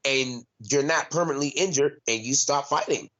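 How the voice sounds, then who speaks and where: In a dull, lo-fi recording, a young fighter talks in a casual interview with a mid-range, slightly bright voice at a moderate pace. He's blunt and profane, leans heavily on "like," and keeps restarting his sentences.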